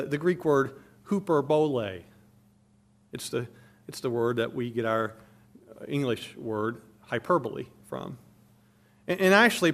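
A male preacher with a voice pitched a little above the usual for men. He preaches with emphatic stress, swelling louder on key points and dropping low on others. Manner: emphatic, rising and falling in volume for stress. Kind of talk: sermon.

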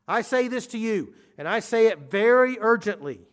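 A man preaching a sermon, moving from quiet explanation to urgent, emphatic declarations. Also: sits high, sing-song, moderate pace, hardly any pauses. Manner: emphatic, swings from quiet asides to urgent loud stresses.

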